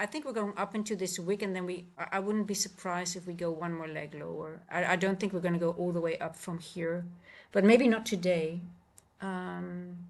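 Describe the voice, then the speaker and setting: Chatty woman hosting a trading livestream. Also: on the low side. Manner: chatty, halting with many restarts. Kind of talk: casual live-stream chat. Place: home.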